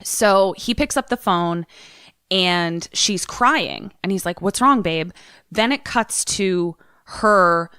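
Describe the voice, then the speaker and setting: A young woman co-hosting a podcast, retelling a movie trailer in casual chat, animated and swearing, with lots of "like". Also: lowish voice, slow, clean tone, no echo, clean studio sound. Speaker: podcast co-host.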